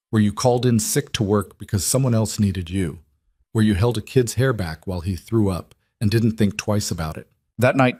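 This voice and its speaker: A man narrating a scripted drama story in an even, measured way. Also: on the low side, slightly rough, dry recording, studio quality.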